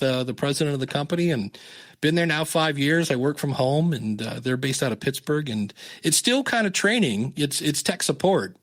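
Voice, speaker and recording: Guy in his 50s telling stories on a podcast, does little voices for the people he quotes, chatty. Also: on the high side. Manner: animated, acts out quoted dialogue. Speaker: podcast guest. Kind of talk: casual storytelling interview.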